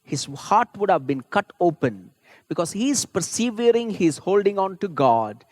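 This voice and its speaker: A man's voice: sits high, big pitch swings, normal speed, a little mellow. A man preaching a sermon as a pastor, earnest and rising to fervent emphasis. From India.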